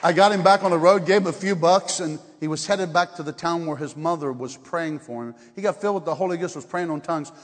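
A man preaching as an evangelist at a church service, energetic and laughing often, swinging between shouts and hushed tones. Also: fairly high pitch, fast talker, few pauses. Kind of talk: revival sermon. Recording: long hall reverb.

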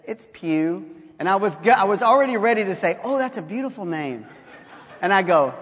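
A man with a high voice tells a story as a sermon, playing out each line of talk and laughing as he goes. His voice carries through a large hall with a long reverb. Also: slight background noise. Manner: animated, laughing often, acts out quotes. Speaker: pastor.

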